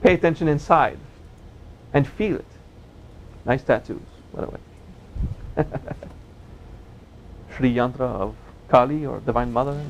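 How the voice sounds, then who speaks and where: A man teaching a spiritual seminar in a gentle, playful way, joking with his audience and laughing at his own jokes. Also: mid-range voice, a little slow, vocal fry, pauses often, lo-fi sound, a little hiss or hum. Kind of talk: relaxed seminar talk.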